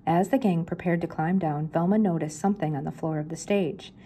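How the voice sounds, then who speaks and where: A woman's voice: sits low, brisk, mellow, a little hiss or hum. An older woman, a grandmother, reading a children's mystery book aloud and lifting her voice for the characters' lines.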